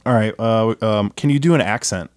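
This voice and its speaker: A man's voice: lowish voice, moderate pace, a little mellow, no echo, clean studio sound. A man hosting a casual podcast chat, laid-back and swearing freely as he moves through his questions. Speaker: podcast host.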